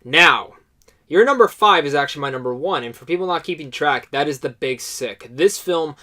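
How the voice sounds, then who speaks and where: A man's voice: on the high side, expressive, moderate pace, bright, forceful tone. A man talking casually about films as a guest reviewer, effusive and repeating himself for emphasis. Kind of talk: casual film talk.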